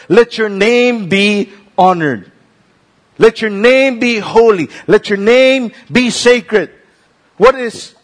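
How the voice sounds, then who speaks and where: A Filipino man preaches with a light, high-pitched voice. He talks straight to his listeners, throws in rhetorical questions and stretches out the words he wants to stress. He sounds like a pastor in the middle of a sermon. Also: fairly bright tone. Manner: switches between English and Tagalog, rhetorical questions, slows for emphasis.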